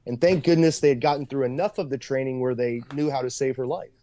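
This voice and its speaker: A man's voice: mid-range voice, fast, mellow. A man co-hosting a live stream, reading headlines aloud and giving short reactions. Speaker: livestream co-host. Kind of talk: casual livestream chat.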